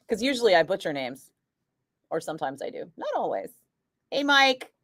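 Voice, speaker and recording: A woman radio DJ chatting casually, telling an animated story and acting out what others said, with lots of "like" fillers. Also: lowish voice, moderate pace, pauses often, no echo, studio quality. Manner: animated, acts out quoted voices, frequent "like". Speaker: radio DJ chatting with a live stream. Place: radio studio. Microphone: studio microphone.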